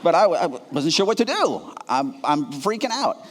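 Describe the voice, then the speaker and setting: A man preaching a sermon, telling a self-mocking story with animated delivery and frequent stammered restarts. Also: fairly high pitch, moderate pace, a little hiss or hum. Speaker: pastor. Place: church sanctuary. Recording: reverberant church hall.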